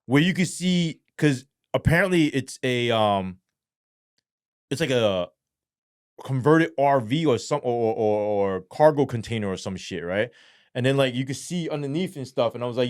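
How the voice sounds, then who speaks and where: A man's voice: medium pitch, moderate pace, dry recording, clean studio sound. A man telling a story as a podcast guest in a casual, profane, slangy way, rambling with lots of fillers. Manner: animated, acts out quoted voices.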